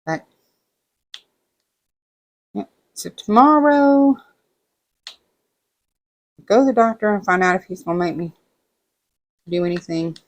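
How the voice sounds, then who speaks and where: A woman vlogger chatting casually while doing a craft at home, rambling through stories and acting out what others said. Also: lowish voice. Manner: rambling storytelling, animated quoting of others. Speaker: diamond painting vlogger.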